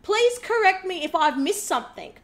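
A woman's voice: very high-pitched, sing-song, moderate pace, a bit bright. A woman hosting a reaction video, talking in a sarcastic, indignant way. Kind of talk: reaction commentary.

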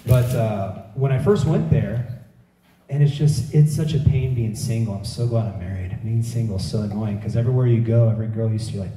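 A middle-aged man delivering a sermon, jumping into quoted voices as he tells stories. His tone is deep and mellow. The sound carries room echo and is picked up from some distance. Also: brisk, slight background noise. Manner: animated storytelling preacher acting out quotes. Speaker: preacher. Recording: echoey room heard from a distance.

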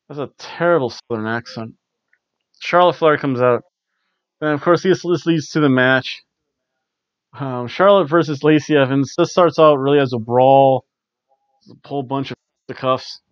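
A man's voice: medium pitch, moderate pace, long pauses, dry recording, highs cut off. A man hosting a casual wrestling review, rambling offhand with ums and restarts. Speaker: wrestling reviewer, show host. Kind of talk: casual spoken show recap. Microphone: camera recording at home.

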